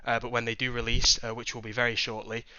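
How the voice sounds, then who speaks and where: A man's voice: medium pitch, completely flat delivery, fast, bright, forceful tone, clear, resonant tone, no echo, lo-fi sound. A man giving a project update on a voice call, beginning nearly every phrase with "uh". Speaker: project team member.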